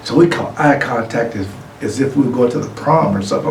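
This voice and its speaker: A middle-aged man giving an award acceptance speech, telling a lively anecdote and acting out other people's lines. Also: medium pitch, fairly quick. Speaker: award honoree. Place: room, recorded for a virtual gala. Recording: echoey room, distant mic, faint noise.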